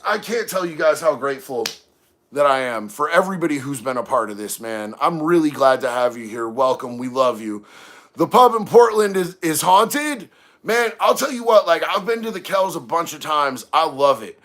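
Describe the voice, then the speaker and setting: A man's voice: fairly high pitch, lively intonation, moderate pace, fairly bright tone. A man hosting a casual livestream, reading chat aloud and talking in a laid-back, slangy way. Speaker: livestream host.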